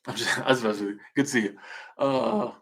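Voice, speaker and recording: A man's voice: mid-range voice, fairly quick, fairly bright tone, breathy edge. A man chatting casually on a livestream, joking and rambling as he reacts to viewer comments. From Southern United States. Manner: joking, rambling, trails off and restarts. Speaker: streamer.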